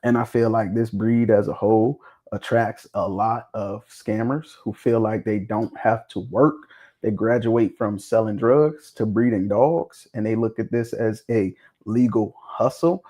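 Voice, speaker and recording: Blunt, animated man talking dog breeding. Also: lowish voice, a little slow. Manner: blunt, swears freely, animated preaching tone. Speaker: podcast host. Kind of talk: casual talk show discussion.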